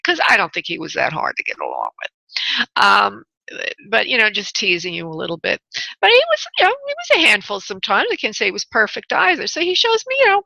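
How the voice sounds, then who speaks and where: A woman's voice: mid-range voice, vocal fry, bright, forceful tone, dry recording. Lady psychic hosting a call-in radio show, chatty, says honey a lot, kinda dull lo-fi sound. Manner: chatty, laughs often, calls callers honey and darling. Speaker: psychic medium radio host. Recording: dull lo-fi radio audio, dry.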